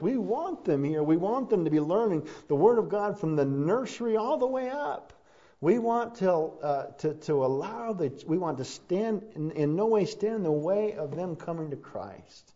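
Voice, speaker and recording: High-voiced preaching pastor, man. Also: highs cut off. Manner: preaching, building to loud fervent passages. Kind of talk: sermon.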